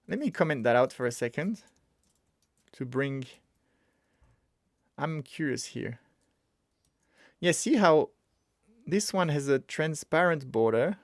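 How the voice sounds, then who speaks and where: A man hosting a casual live coding stream, talking excitably and thinking aloud with frequent restarts. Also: a little high, slow, long pauses, no room sound, studio quality. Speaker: streamer teaching web development.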